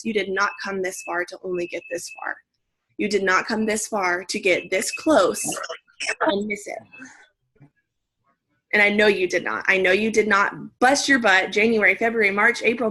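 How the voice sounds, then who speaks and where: Young woman giving a team pep talk. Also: mid-range voice. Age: young adult. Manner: energetic, direct, pep-talk tone. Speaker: team leader. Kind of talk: motivational team call. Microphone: video call.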